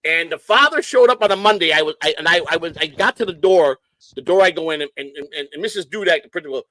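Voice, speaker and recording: A middle-aged man from Chicago telling hyper, rapid stories in casual chat, swearing freely. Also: on the high side, expressive, bright, forceful tone, dry recording. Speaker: guest.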